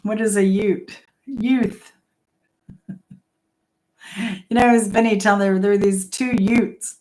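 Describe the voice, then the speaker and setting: A woman's voice: mid-range voice, steady tone, takes it slowly, a little mellow, low-quality recording. A middle-aged woman hosting a casual live-stream trivia game. She is chatty, laughs often, reads questions aloud and greets viewers by name.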